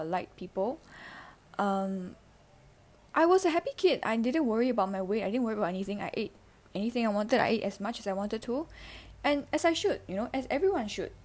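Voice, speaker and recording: Halting, emotional teen girl. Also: medium pitch, animated, darkish tone. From Singapore. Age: teens. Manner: halting, emotional, many fillers and restarts. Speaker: podcast host. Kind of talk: personal podcast confessional. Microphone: handheld mic.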